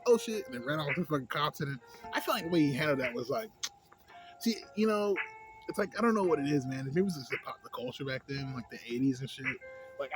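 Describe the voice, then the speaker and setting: A young man rambling casually and profanely into his phone about a movie, acting out scenes in a higher voice. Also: low-quality recording. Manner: loose, profane, rambling, acts out scenes in a high voice. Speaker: vlogger. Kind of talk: casual smoke-session movie review.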